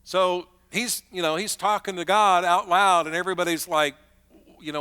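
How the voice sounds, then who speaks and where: Male pastor, sermon delivery, bright and forceful, chatty storyteller. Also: sits high, moderate pace, clear, resonant tone, in a large hall. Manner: conversational storytelling with acted-out asides.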